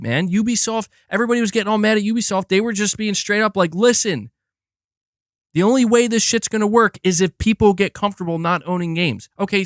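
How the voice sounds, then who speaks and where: A male streamer talks in a loose, rambling way, full of swearing and false starts. His voice sits fairly high for a man. The sound is close and dry. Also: no echo. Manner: profane, frustrated, rambling with restarts. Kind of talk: casual live-stream rant.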